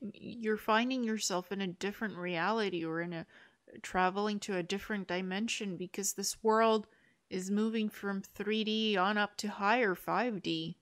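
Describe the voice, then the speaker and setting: A woman's voice: medium pitch, fairly even intonation, moderate pace. Earnest upbeat woman hosting spiritual talk. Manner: earnest, upbeat, acts out inner voices. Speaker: host. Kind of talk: spiritual interview chat.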